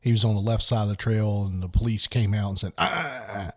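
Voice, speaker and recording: A man's voice: lowish voice, little pitch movement, quick pace. A man co-hosting a podcast in casual chat, dropping dry wisecracking asides. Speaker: podcast co-host.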